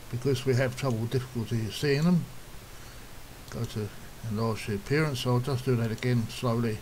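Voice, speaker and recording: A man calmly walking through a software task step by step, in a plain, instructive way, now and then clearing his throat. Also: medium pitch, normal speed, slight background noise, poor audio. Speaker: software tutorial presenter. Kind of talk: step-by-step screen tutorial.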